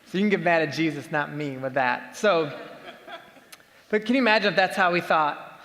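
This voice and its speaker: A man's voice: fairly high pitch, moderate pace, pauses often, sharp tone, big-room sound. A man preaching a sermon as a pastor, talking conversationally and asking his listeners many rhetorical questions.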